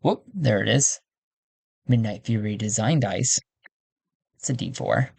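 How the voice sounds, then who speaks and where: A man thinking aloud as he plays a solo tabletop game, chatty and quick to laugh. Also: fairly low pitch, vocal fry, a little mellow, husky, no room sound.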